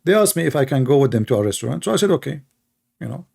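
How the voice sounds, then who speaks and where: A man's voice: mid-range voice, sing-song, racing, vocal fry, darkish tone, breathy edge. A man, talking in a casual, emphatic monologue and telling stories with lots of repetition. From Middle East. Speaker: online commentator.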